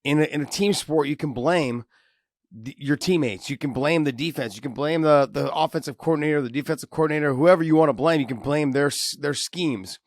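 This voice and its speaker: A man's voice: on the high side, brisk, no room sound, clean studio sound. Man riffing casually over a video call. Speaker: podcast co-host. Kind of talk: casual sports chat.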